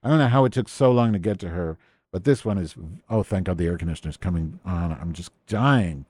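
A man's voice: low voice, lively intonation, fairly quick, a little mellow, no echo. A man hosting a live stream, ranting with exasperated, profane sarcasm as he comments on his screen. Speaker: podcast host.

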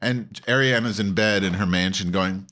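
A male host talks loosely to his online audience, swearing freely and veering between topics. His voice sits very low, and he restarts his sentences often in a campy, offhand manner. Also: moderate pace, a bit bright. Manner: profane, campy, rambling with many restarts. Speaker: host of an online call-in show. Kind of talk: casual rambling monologue.

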